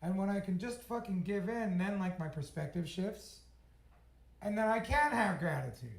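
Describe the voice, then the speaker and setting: A man's voice: high-pitched, expressive, moderate pace, creaky, echoey room, poor audio. A middle-aged man telling a personal story to an audience, swearing freely and laughing at himself. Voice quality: swears freely, blunt and candid. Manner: self-mocking, laughs at himself. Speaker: storytelling speaker.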